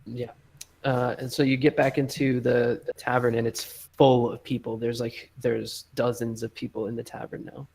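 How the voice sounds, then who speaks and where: Male game master, gravelly, flat delivery, rambling casual narration with fillers. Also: medium pitch, normal speed, poor audio. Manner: rambling, filler-heavy, lots of "like" and "um".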